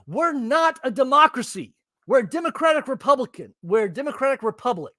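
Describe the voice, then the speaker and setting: A man's voice: very high voice, big pitch swings, a little fast, fairly bright tone, no echo. A man ranting bluntly and profanely while reacting to the news in casual commentary. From Texas. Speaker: political commentary host.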